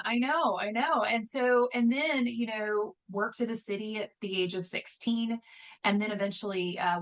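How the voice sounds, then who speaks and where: A woman's voice: mid-range voice, a bit bright. A middle-aged woman from Texas, talking energetically as an interview guest, joking often and using many fillers. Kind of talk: conversational interview.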